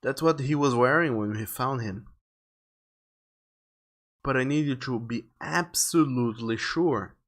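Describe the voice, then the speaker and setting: A man reading as a tired small-town detective, calm and firm. The voice is unhurried and matter-of-fact, a game character questioning a suspect. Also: medium pitch. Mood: steady.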